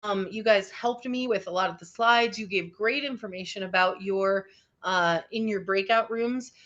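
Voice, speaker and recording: Here a woman teaching teens online speaks at a normal pace in a mid-range voice with a bit of brightness. Encouraging and upbeat, she keeps checking in with her group during the interactive lesson. The sound comes through a video call and is slightly dull.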